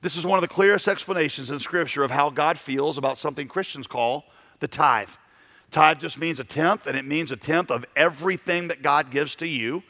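A man's voice: fairly high pitch, fairly quick, pushed and bright. A male pastor preaching a sermon, acting out voices and stammering through restarts.

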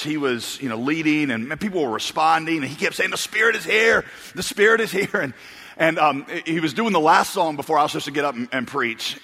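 In a mid-range voice that sounds bright and pushed, a male pastor gives a sermon laced with humorous stories. He rambles, laughs, and restarts often, and the big auditorium gives the recording a long reverb.

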